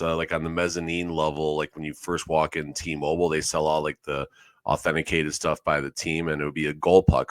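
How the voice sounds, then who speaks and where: A man's voice: extremely low pitch, no room sound. A man co-hosting a sports podcast in casual chat, rambling and often correcting himself. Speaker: podcast co-host.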